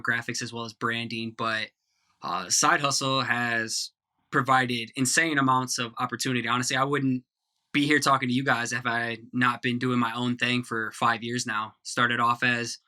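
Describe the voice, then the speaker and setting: Bright-voiced joking American man. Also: medium pitch. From Iowa, United States. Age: 30s. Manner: joking, self-deprecating. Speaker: guest illustrator and lettering artist. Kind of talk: casual podcast chat.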